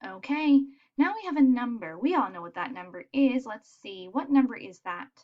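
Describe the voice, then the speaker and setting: A woman teaching young children letter sounds in a patient, encouraging way, modelling each sound clearly. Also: on the high side, lively intonation, normal speed, lo-fi sound. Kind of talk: phonics lesson for young children.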